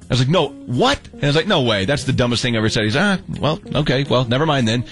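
A young adult man telling a story in casual chat, animated and acting out the quotes, with many restarts. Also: medium pitch, rapid-fire, faint music behind. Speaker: storyteller guest.

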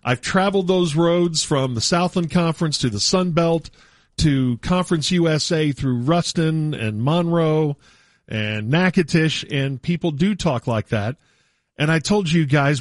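A man hosting a radio talk show, arguing his point in an animated, casual way. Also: fairly high pitch, no room sound, clean studio sound. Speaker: radio sports talk host. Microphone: studio mic.

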